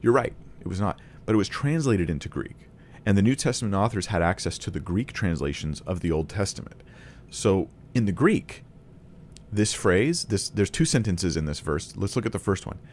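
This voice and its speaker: A man's voice: low voice, expressive, moderate pace, darkish tone, slight background noise. A man teaching a Bible lesson to camera in a casual, conversational way, thinking aloud with restarts and small laughs.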